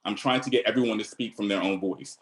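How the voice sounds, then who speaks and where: A man's voice: fairly low pitch, fast talker, poor audio. A man with a Virginia accent, a choreographer on an online panel, talking earnestly on a video call and thinking aloud. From Virginia, USA.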